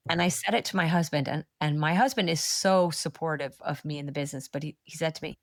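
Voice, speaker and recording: A woman, a manifestation coach speaking as a podcast guest, telling stories in a lively, blunt and encouraging way with lots of "like". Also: low voice, dry recording, clean studio sound. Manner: animated storyteller, quick asides with frequent "like". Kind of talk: casual podcast interview chat.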